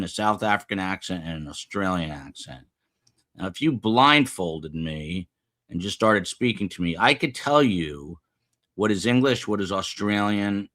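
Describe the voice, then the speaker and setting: An American man hosts a live stream from an upper floor of a building, chatting with viewers and rambling casually. His voice is lowish with a fairly bright tone.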